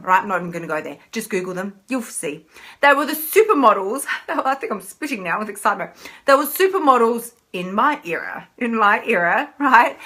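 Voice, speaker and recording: A woman's voice: fairly high pitch, bright, forceful tone. A middle-aged woman, a weight-loss coach hosting a live stream, talking in a playful, emphatic way and repeating phrases for effect. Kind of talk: live-stream motivational talk.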